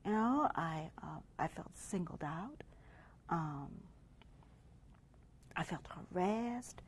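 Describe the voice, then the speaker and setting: A woman's voice: fairly low pitch, expressive, takes it slowly, breathy edge, exaggerated voice. An actress playing a hurt and angry homeowner woman who speaks emotionally and often drops into a whisper in a role-played mediation. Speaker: victim in mediation.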